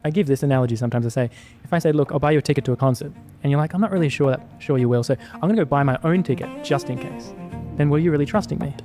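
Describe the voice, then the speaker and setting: Earnest man, very fast talker, cites verses, soft guitar underneath. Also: on the high side. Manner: rapid, earnest, quotes scripture verses. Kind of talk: podcast conversation.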